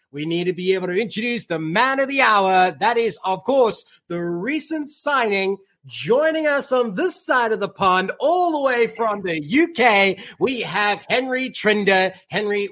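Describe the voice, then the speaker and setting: A man's voice: high voice, lively intonation, normal speed, few pauses, a bit bright. A man hosting a rugby podcast, introducing a guest in an upbeat, showman-like announcer manner. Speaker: podcast host. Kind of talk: announcer-style interview intro.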